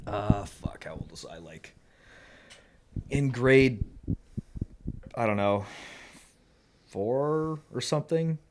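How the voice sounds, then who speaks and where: A man telling a story on a podcast in a casual, profane, animated way, often laughing as he talks. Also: mid-range voice, takes it slowly, pauses often, a little hiss or hum. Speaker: podcast co-host.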